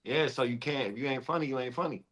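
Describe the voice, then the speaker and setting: A male comedian speaks earnestly and quickly in a casual chat. His voice is bright and forceful at a middle pitch. He talks in a street-smart way. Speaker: comedian guest.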